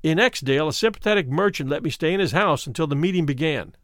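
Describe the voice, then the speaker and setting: A man reading a first-person memoir aloud as an expressive storyteller, giving the quoted speakers their own lines. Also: on the high side, fast talker, no echo, clean studio sound. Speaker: audiobook reader. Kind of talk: scripted memoir narration.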